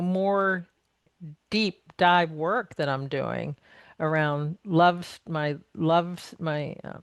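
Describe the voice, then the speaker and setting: A woman's voice: deep voice, creaky, dry recording. A middle-aged woman speaking as a podcast guest, reflective and emphatic, restating her points as she talks things through in conversation. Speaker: podcast guest, narrative coach. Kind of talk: conversational interview.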